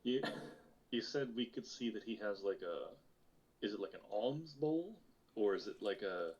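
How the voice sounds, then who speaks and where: A man's voice: on the low side, animated, unhurried, darkish tone. A man playing a tabletop game, asking questions and reading out his character's written notes. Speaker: player. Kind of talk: tabletop role-play chat. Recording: dull lo-fi mic.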